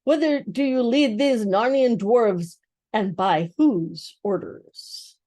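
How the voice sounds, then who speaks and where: A woman's voice: fairly high pitch, takes it slowly, mellow, dry recording. An older woman voicing a stern young king, speaking in a stately, commanding, raised voice for a storybook reading.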